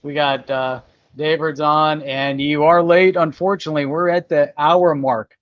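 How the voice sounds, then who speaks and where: A man's voice: on the high side, steady tone, a little slow, highs cut off. A man co-hosting a casual live stream, upbeat and easygoing, often chiming in with short agreement. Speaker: co-host.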